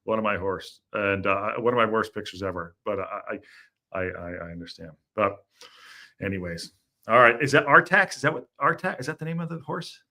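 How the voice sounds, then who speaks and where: Chatty man with a bright, low voice. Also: expressive, fairly quick. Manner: chatty, jokey, apologetic asides. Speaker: host of a football fan phone-in show. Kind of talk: casual live-stream chat.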